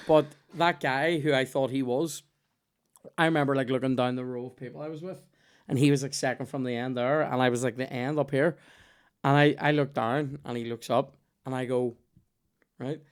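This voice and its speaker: Man, young, belfast accent, podcast host, casual sweary storytelling, smooth clear voice. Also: medium pitch, fairly even intonation, a little fast. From Northern Ireland. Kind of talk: casual chat.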